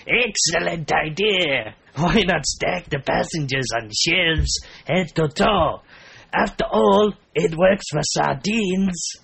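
A man's voice: a little high, slow, vocal fry, few pauses, fairly bright tone, husky, pitched above the performer's own voice, heavily acted. A man doing a sing-song Mexican-accented joker. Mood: mocking. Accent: put-on Mexican. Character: cheery mocking male commenter from Mexico.

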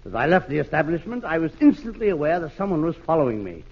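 A man's voice: a little high, very animated, quick pace, slightly rough. A man doing hammy, mock-hardboiled narration as an inspector in a 1940s radio comedy. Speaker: comic narrator playing an inspector. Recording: muffled hissy old radio recording.

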